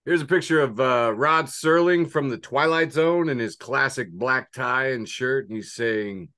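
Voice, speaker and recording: A man's voice: mid-range voice, measured pace, bright, forceful tone. A man co-hosting a podcast in casual comedic chat, upbeat and laughing at his own bits. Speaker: podcast co-host.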